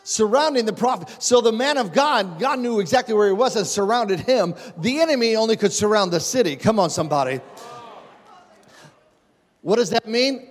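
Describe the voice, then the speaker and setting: A pastor with a high, bright-edged voice preaches to his congregation, building his points through repeated phrases and calling out to the room. His words ring out with a long reverb in a large church sanctuary. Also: lively intonation, moderate pace. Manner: conversational preaching that calls on the congregation. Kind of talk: sermon.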